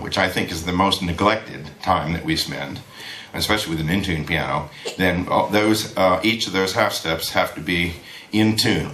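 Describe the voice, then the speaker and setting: Animated man teaching a masterclass. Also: low-pitched. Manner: animated, sings rhythms aloud. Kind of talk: lecture to students. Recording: echoey room.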